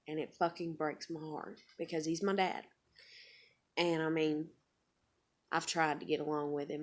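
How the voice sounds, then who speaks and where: A woman telling a painful family story in a confessional vlog, emotional and full of swearing, often getting sidetracked. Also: lowish voice. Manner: emotional, heavily profane, rambling. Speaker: vlogger.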